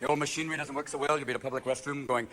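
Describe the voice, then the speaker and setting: A man in his fifties performing a live stand-up routine, talking rapid-fire and jumping into character voices. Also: mid-range voice, steady tone, fairly bright tone, slight background noise. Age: 50s. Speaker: stand-up comedian. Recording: live show recording with room ambience.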